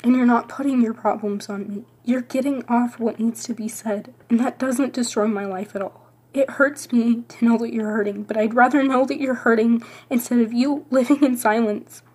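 Woman playing a soft, insistent loyal friend, husky and high. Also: steady tone, moderate pace, hardly any pauses. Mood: reassuring. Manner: gentle, insistent and reassuring. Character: caring young woman, loyal best friend.

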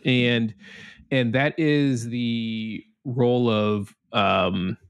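Measured male podcast host. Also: mid-range voice, steady tone, clean tone. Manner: measured, thoughtful, slow with pauses. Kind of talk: casual chat. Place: home studio.

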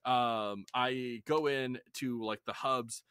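A man's voice: medium pitch, steady tone, slow, fairly bright tone, clean tone, no echo. A man hosting a podcast in casual chat, rambling and apologizing for his rants. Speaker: podcast host.

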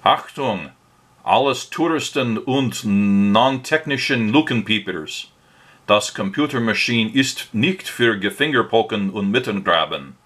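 A man putting on a fake German accent to play a stern male computer-room warning announcer, barking officious orders, pitched higher than his usual voice. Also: animated, a little slow, fairly bright tone, husky, heavily acted. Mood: mock stern.

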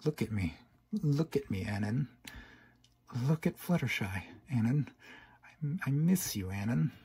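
Man doing a husky nightmare pony girl, hesitant. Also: medium pitch, lively intonation, unhurried, full character voice. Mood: pleading. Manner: soft, hesitant pleading with stammers. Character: nightmarish false female pony, pleading, menacing.

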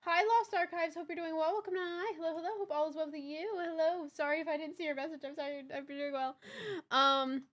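A woman's voice: sits high, fairly even intonation, fast, fairly bright tone. A young woman livestreaming a game, chatting casually, exclaiming and repeating herself, swearing when things break, and greeting chatters by name. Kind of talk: casual live-stream chat while gaming.

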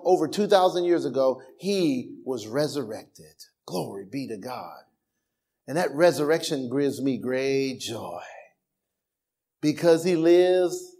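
A male pastor with a mid-range voice preaches an animated sermon. Call-and-response, laughter and shouted lines run through it, and his informal speech is full of restarts and repetitions.

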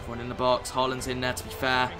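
A man's voice: mid-range voice, completely flat delivery, fast, over music. A young man giving sweary, exasperated commentary over his own video game match. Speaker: gaming YouTuber. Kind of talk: gameplay commentary.

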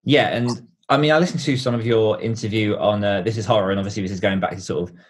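A man with a fairly low voice hosting a podcast interview. He asks his questions in a relaxed, meandering way and fills the gaps with ums and uhs. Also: fast talker. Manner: relaxed, rambling questions with fillers. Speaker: podcast host.

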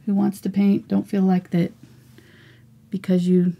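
A woman in her forties teaching a live painting lesson, chatty and encouraging, often slipping into soft whispers as she works. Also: mid-range voice, completely flat delivery, unhurried, vocal fry, dull audio. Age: 40s. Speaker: art teacher.

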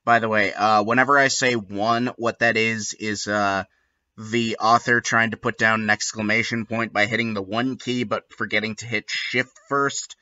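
A man giving a comedic dramatic reading and breaking off for deadpan, sardonic asides. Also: lowish voice, moderate pace, muffled recording. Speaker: comedic reader.

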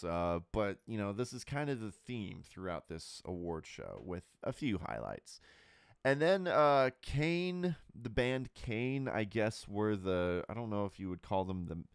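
A man's voice: lowish voice, lively intonation, measured pace, smooth, no room sound, clean studio sound. A man hosting his own podcast, giving candid, rambling opinions in a casual monologue full of fillers and restarts. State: burping and hiccuping. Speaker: podcast host.

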